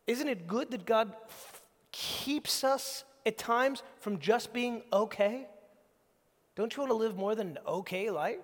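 A man preaching a sermon in a conversational, animated way, acting out little exchanges as he goes. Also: very high-pitched, normal speed. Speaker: pastor. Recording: long hall reverb.

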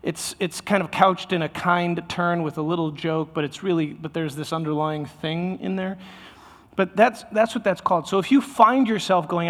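A man's voice: a little high, expressive, moderate pace. Chatty man preaching in a hall. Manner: conversational, self-interrupting, with many restarts. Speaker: pastor. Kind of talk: sermon.

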